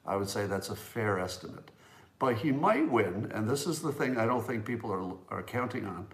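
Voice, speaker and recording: A man's voice: on the low side, expressive, moderate pace. Man musing aloud in an echoey room. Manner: conversational, emphatic, musing aloud. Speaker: host. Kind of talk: solo political commentary. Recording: roomy echo.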